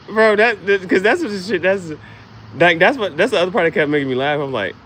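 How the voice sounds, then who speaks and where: A man's voice: high voice, lively intonation, fairly quick, fairly bright tone, a little hiss or hum. A man vlogging in a casual comedic monologue, laughing often and swearing in slangy storytelling.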